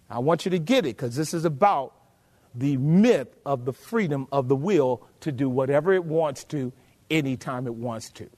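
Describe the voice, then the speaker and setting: A man preaching a sermon, emphatic and full of rhetorical questions to his congregation, drawing out key phrases slowly. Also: mid-range voice, expressive, a little mellow, faint music behind. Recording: long hall reverb.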